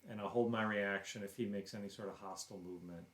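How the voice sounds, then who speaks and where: A man's voice: lowish voice, steady tone, fast talker, fairly bright tone, reverberant. A man playing in a tabletop game, speaking firmly and repeating words as he declares his actions. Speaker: player.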